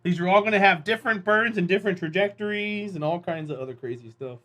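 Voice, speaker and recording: A man's voice: sits high, fast talker, sharp tone. A man streaming a space game live, chatting casually and encouraging his viewers as he plays.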